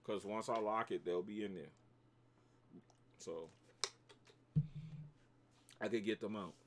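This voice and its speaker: A man's voice: fairly low pitch, slow, noisy background. A man with a New York accent, hosting a casual trading livestream, bantering with his chat in slangy talk and reacting to his trades.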